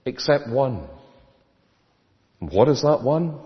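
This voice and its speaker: A man's voice: mid-range voice, very animated, takes it slowly. A man preaching a sermon, emphatic and full of rhetorical questions to the congregation. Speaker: pastor. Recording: echoey hall, dull lo-fi sound.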